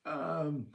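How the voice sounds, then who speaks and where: An older man hosting a casual live stream, answering viewers and teasing them playfully, often laughing. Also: on the high side. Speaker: livestream host.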